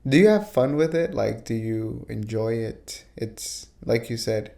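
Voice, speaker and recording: A man's voice: mid-range voice, lively intonation, a little slow, creaky, warm tone. A man hosting a podcast, asking casual questions and often repeating words as he forms them. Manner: stammering, repeats words while forming questions. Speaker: podcast host. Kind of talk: casual interview.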